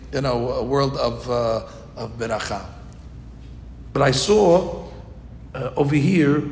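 A man giving an informal Torah class, telling the story lively acted-out voices. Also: mid-range voice. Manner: animated storytelling, acting out quoted voices. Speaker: Torah teacher. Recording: echoey hall with faint noise.

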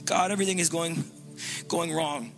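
Male pastor, sermon delivery; high, sharp voice, urgent and repetitive, drops to hushed tones. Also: steady tone, normal speed, faint music behind. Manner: impassioned, repetitive, swings between loud urging and hushed low tones.

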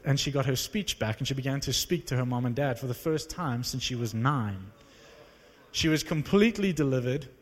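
A preacher man telling stories from the pulpit with a slightly high voice. He acts out the dialogue with animated energy, and his voice rings with the long reverb of a big hall. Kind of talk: sermon with storytelling.

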